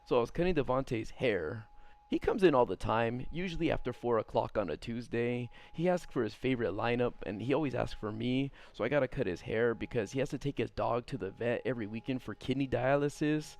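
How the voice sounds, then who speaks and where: A man's voice: mid-range voice, brisk, a little mellow. A man on a live stream reading a story aloud and ranting about it, rambling and swearing, often laughing at what he reads. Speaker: streamer reading viewer stories. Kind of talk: casual live-stream commentary.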